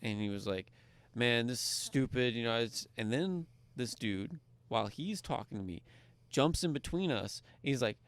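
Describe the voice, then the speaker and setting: Animated storytelling man with a dry sound. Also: medium pitch, moderate pace, dry recording. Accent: Kentucky. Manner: animated, acts out dialogue, grows loud when excited. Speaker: podcast co-host. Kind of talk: casual storytelling.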